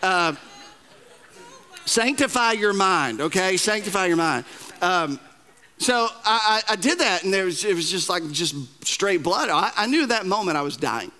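A man's voice: sits high, expressive, measured pace, bright, forceful tone. A man preaching a sermon as pastor, telling stories with self-deprecating humor and often repeating words as he starts a sentence.

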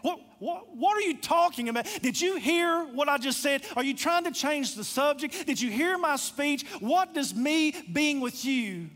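A man's voice: very high-pitched, big pitch swings, a bit bright, full character voice. A man voicing a resentful older brother in a sermon retelling, protesting in exasperation. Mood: exasperated. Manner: exasperated, rapid-fire protest.

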